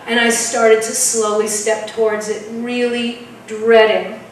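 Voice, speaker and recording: A woman telling a spooky story at an open mic, dramatic and dropping to a hush at tense moments. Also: on the high side, level tone, measured pace, a little hiss or hum. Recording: echoey room from far off.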